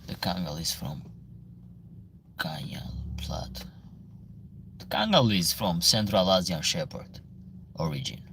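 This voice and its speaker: A man from Albania with an Albanian accent, hosting a casual livestream Q&A, reading viewer comments aloud and answering in halting, broken English. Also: deep voice, lively intonation, a bit bright, a little hiss or hum.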